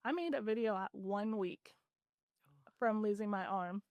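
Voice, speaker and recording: A woman's voice: mid-range voice, measured pace, no room sound, dull audio. A woman guest on a podcast, earnestly retelling her story in casual talk with lots of "like"s. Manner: earnest, animated retelling with many "like"s.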